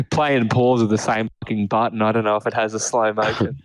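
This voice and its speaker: A man's voice: lowish voice, no echo. Young man, casual chat, rambling, laughing, dry close sound. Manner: laid-back, rambling, laughs often, swears. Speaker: podcast co-host.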